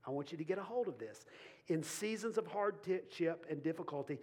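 A man's voice: fairly high pitch, expressive, brisk. A man preaching a sermon to a congregation, emphatic, repeating key lines and putting questions to the room. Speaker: pastor. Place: church before a congregation.

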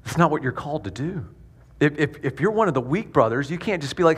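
A man's voice: on the high side, expressive, slightly rough. A man preaching a sermon in a conversational way, often repeating his words as he goes. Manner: conversational, repeats words, acts out quick quoted voices. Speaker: pastor.

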